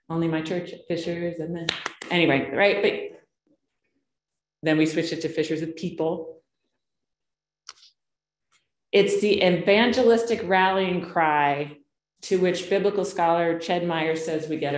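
A woman pastor preaching a conversational sermon, telling stories with asides and rhetorical questions. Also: deep voice. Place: church sanctuary. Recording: echoey church sanctuary.

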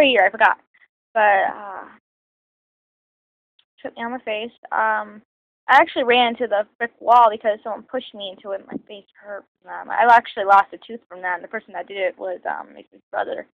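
Casting: teen girl vlogger, higher voice, rambling and halting, many ums, dry dull phone sound. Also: dry recording. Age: teens. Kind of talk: casual storytelling to camera. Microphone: phone camera.

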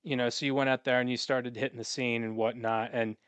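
A man hosting a podcast, asking halting questions full of fillers and restarts. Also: mid-range voice, level tone, a bit bright, clear, resonant tone, no echo. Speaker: podcast host. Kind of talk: interview questions.

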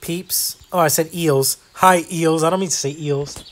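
A man's voice: on the high side, normal speed, a little hiss or hum. Rambling, easygoing man. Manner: rambling and self-deprecating, with many fillers. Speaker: gaming video host. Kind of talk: casual gameplay chat.

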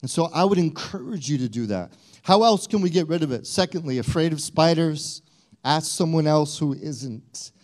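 A man's voice: fairly high pitch, expressive, normal speed, a little mellow. A male pastor preaching a sermon in a conversational way, often repeating and restarting his phrases.

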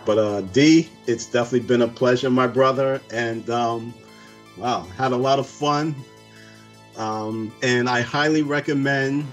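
A man hosting a relaxed interview over a video call, friendly and quick to affirm his guest. His voice sits at a middling pitch, with soft music faintly in the background. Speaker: interview host. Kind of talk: casual interview chat.

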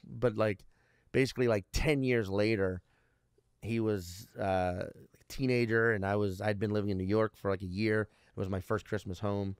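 Man in his thirties, comedian guest, low voice, dry close sound, swears a lot, rambling stories. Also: steady tone, moderate pace, smooth, no echo. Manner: heavy swearing, rambling storyteller. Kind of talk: casual interview chat.

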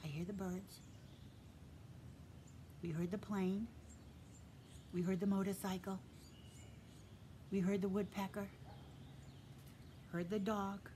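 A woman teacher gently reading a picture book aloud to young children, speaking straight to them and dropping to a soft whisper for quiet parts. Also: medium pitch, little pitch movement, takes it slowly, pauses often, slight background noise. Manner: gentle and encouraging, addresses children directly; stops to point out real sounds around her. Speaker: preschool teacher.

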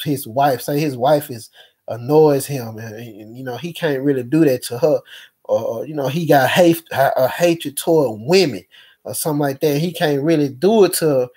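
A man speaking in a rambling personal monologue, with features, halting often with fillers and restarts. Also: medium pitch, a little mellow, slightly rough. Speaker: speaker recounting experiences.

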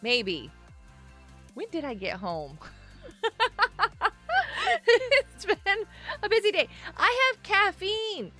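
A woman's voice: extremely high pitch, big pitch swings, drawn-out words, pauses often, bright, forceful tone, soft background music. A young woman hosting a casual gaming livestream, chatting to her viewers and laughing often. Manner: bubbly, chatty, laughs often, talks to chat. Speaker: livestream host.

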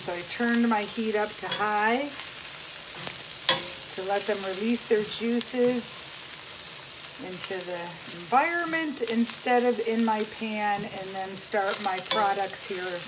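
Woman talking thru her cooking step by step in her kitchen, mid pitch, lots of pan sizzle behind her. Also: slow. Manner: chatty, talks viewers through each step. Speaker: home cooking channel host. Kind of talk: casual cooking demonstration. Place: home kitchen. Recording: loud sizzling pan noise.

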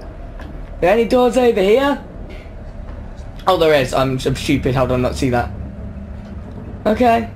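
A man's voice: extremely high pitch, a little hiss or hum. A young man commenting on a horror video game, jumpy, yelping and talking back at the characters. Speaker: gaming YouTuber.

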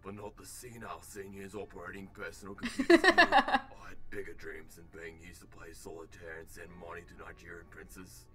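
Deep australian computer, cheeky and crude, bit of game music behind. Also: male voice, sing-song, brisk, few pauses, fairly bright tone. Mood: wry. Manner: crude, teasing, Aussie slang. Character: sarcastic Australian male talking computer.

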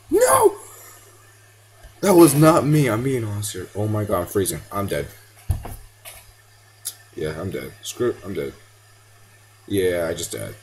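A man's voice: low-pitched, a little hiss or hum, poor audio. A teenage boy giving casual gameplay commentary, yelping and pleading at the game and slipping into now and then. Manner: excitable, yelps and pleads at the game. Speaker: gamer.

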